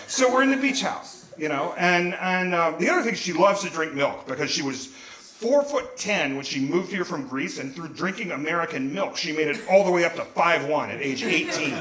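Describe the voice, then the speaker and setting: A man telling a profane, animated comic story live on a small theater stage into a stage mic, rambling with restarts. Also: fairly high pitch, normal speed, hardly any pauses. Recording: echoey theater room.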